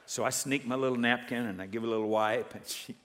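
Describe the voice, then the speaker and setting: Man, pastor, sermon, animated, calls to congregation, large church, long hall reverb. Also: mid-range voice, fast talker.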